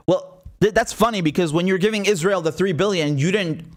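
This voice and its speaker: A man's voice: sits high, fairly quick. A man delivering a heated, sarcastic political opinion monologue as host of his own show. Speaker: political commentator.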